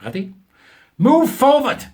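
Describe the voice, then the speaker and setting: A man voicing a pompous little male German professor who lectures on spiders, using a put-on German accent and a grandiose, booming delivery. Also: sing-song, slow pace, darkish tone, full character voice.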